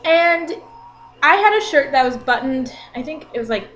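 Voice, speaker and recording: A woman in her twenties telling an exasperated story in a casual vlog rant, animated and talking with her hands. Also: high-pitched, moderate pace. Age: 20s. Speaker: vlogger.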